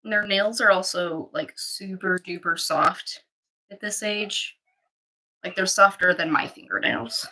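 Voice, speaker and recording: A woman who breeds dogs, chatting casually on a livestream and talking to her puppies in high baby talk. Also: a little slow, bright, forceful tone, low-quality recording. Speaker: dog breeder streaming puppies.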